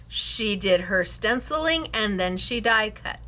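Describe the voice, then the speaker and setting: Enthusiastic craft-class host, woman, bright tone, slow easy delivery, gushes over students' work. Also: medium pitch, animated. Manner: enthusiastic, gushing, laughs often. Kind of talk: showing and praising students' cards.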